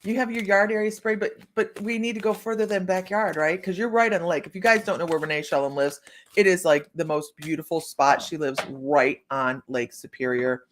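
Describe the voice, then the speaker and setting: Woman, from Ohio, psychic livestream host, casual chat, animated, laughs often. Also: lowish voice, fairly quick. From Ohio, United States. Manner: chatty and animated, laughs often, addresses viewers by name. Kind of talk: casual livestream chat while reading cards and viewer comments.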